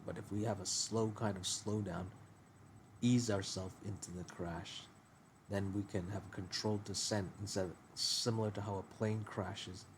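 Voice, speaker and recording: A man's voice: on the low side, noisy background. A man in casual conversation, rambling and thinking aloud as he brainstorms a story idea. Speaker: user talking to a voice assistant.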